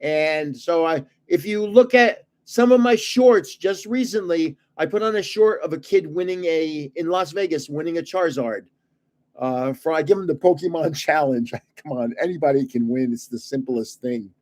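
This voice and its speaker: A man's voice: a little high, normal speed, darkish tone. An older man hosting a casual livestream, telling rambling stories and chuckling often. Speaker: channel host giving away trading cards.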